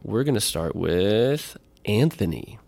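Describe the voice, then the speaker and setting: A man's voice: on the low side, expressive, slow pace, creaky, darkish tone. A man co-hosting a podcast, chatting casually in a rambling, upbeat way with many fillers. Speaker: podcast co-host. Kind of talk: casual chat.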